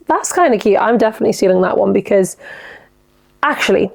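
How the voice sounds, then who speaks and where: Young woman, podcast host, candid and sweary, a bit of vocal fry. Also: medium pitch, fast. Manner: chatty, frank, sweary, animated. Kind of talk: casual solo podcast chat, reading listener dilemmas.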